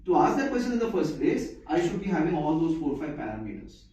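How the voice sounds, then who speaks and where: A man's voice: on the high side, sing-song, fast, dark tone. Repetitive lecturing man in an echoey room. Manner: repeats key points, asks the audience if they follow. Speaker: medical lecturer. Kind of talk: live classroom lecture. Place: classroom or lecture hall. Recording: echoey, distant, muffled room recording.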